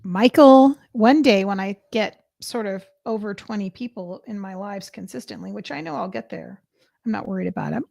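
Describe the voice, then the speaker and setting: A woman hosting a live stream as a psychic reader, chatting casually and excitedly with her viewers. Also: medium pitch, normal speed, creaky, no echo, studio quality.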